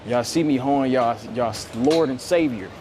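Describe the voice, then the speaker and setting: A man's voice: medium pitch, measured pace, a crowd in the background. A young man live-streaming outdoors in a city, joking and trash-talking in casual slang. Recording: outdoor street noise with traffic.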